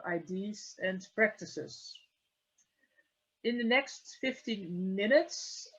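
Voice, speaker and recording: A woman, a museum curator, giving a measured, structured talk in an online conference session. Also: medium pitch, breathy edge. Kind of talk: conference presentation. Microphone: video call. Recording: dull lo-fi call audio.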